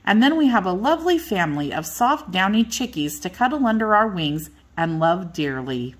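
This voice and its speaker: A woman's voice: medium pitch, big pitch swings, normal speed. An older woman voicing two motherly old hens who patiently explain how eggs hatch.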